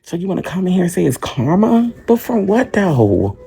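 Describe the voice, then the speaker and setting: A man's voice: sits high, very animated, moderate pace, creaky, dark tone, breathy edge. A man livestreaming from a hospital room on a phone mic, talking straight to his commenters in a defensive, repetitive rant.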